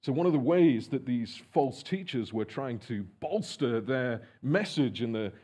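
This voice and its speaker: A man preaching a sermon in church, earnest and measured, with frequent fillers and restarts. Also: mid-range voice, expressive, mellow, breathy edge. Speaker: pastor.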